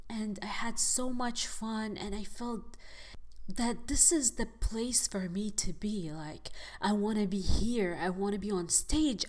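A young adult woman from the United Arab Emirates hosting a podcast, talking casually to her listeners and often using fillers like "like" and "you know". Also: medium pitch. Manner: chatty, addresses listeners as guys, frequent fillers. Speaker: podcast host.

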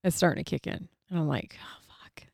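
A middle-aged woman casually telling a personal story, acting out her own thoughts in an animated way and swearing freely. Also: low voice, fast talker, creaky, no echo, studio quality.

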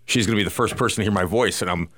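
A man's voice: on the low side, racing, a bit bright. A man co-hosting a radio talk show, telling a long story with lots of restarts and acted-out asides in a casual studio chat.

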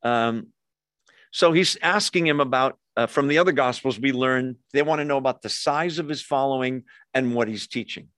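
A man's voice: mid-range voice, moderate pace, a bit bright, dry recording, studio quality. A man leading a Bible study, teaching verse by verse in a conversational way, with frequent asides and self-corrections.

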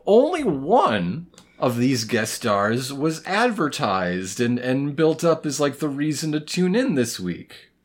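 A man co-hosting a TV recap podcast, trading wry jokes and quick quips in casual chat. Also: medium pitch, very animated. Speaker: podcast co-host.

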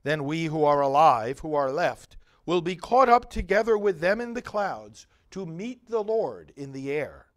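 A male priest giving liturgical readings and a homily in a measured, solemn way with long pauses. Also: fairly high pitch, big pitch swings.

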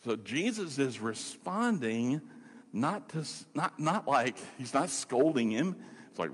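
A man preaching a sermon as a pastor, conversational and animated, with rhetorical questions and casual fillers. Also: mid-range voice, a little slow, husky, in a large hall.

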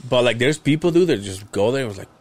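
A man's voice: mid-range voice, normal speed. A young man on a podcast, telling a casual story and acting out the lines of the people in it with a lot of swearing. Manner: animated, swears freely, acts out quoted lines. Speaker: podcast host.

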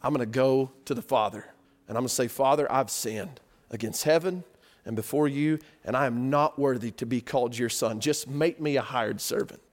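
A man's voice: medium pitch, moderate pace, pitched below the performer's own voice, close to an everyday voice. A preacher acting out a remorseful young son who talks himself into begging his father's forgiveness, in a subdued, ashamed way.

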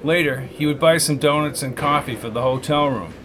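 A man reading a novel aloud as the narrator, in a steady, measured way. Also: fairly high pitch, background noise. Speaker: audiobook narrator. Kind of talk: scripted narration.

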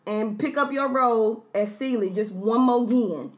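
A woman's voice: a little high, moderate pace. A young woman co-hosting a podcast, chatting casually and telling stories with easy laughter. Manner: chatty, storytelling, laughs easily. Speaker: podcast co-host. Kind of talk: casual chat.

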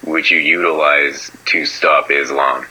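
A man leaving a voicemail and asking a mock-formal question in halting, stilted phrases. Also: rumbling low, fairly even intonation, pushed and bright, slightly rough, poor audio. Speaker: voicemail caller.

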